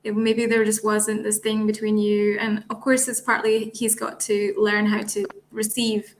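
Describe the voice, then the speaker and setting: A woman hosting a casual chat as relationship coach, measured and affirming as she steers the talk. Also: mid-range voice, level tone.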